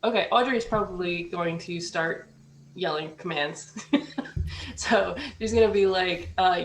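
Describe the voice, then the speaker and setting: Gravelly-voiced player in a tabletop game, roomy echo, faint hiss. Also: mid-range voice, steady tone, moderate pace, fairly bright tone. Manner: questioning, laughing often.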